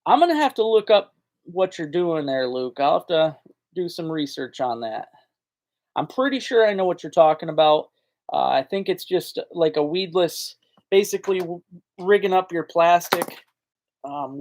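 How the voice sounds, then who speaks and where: A man with a slightly high-pitched voice hosts a casual live fishing stream. He talks in a folksy, rambling way and answers comments from chat as they come in. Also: lively intonation, normal speed, darkish tone. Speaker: fishing channel host.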